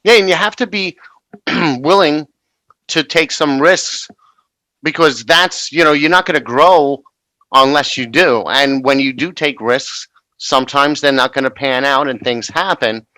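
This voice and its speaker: A man's voice: on the high side, measured pace, bright, forceful tone, no echo, poor audio. A man hosting an interview, asking questions and affirming the guest as she talks. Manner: affirming, backchannels with mm-hmm. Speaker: interviewer host. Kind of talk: conversational interview.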